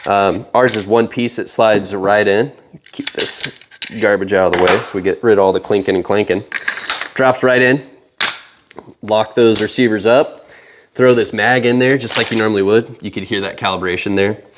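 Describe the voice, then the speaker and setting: A man from the company demonstrating a training kit, explaining in a relaxed way while handling it. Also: on the low side, moderate pace, noisy background. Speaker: company representative. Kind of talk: product demonstration.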